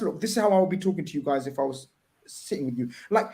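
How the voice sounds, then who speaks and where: A man hosting a casual football fan chat, talking in halting restarts and asking leading questions. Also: fairly high pitch, lively intonation, a little mellow. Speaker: host.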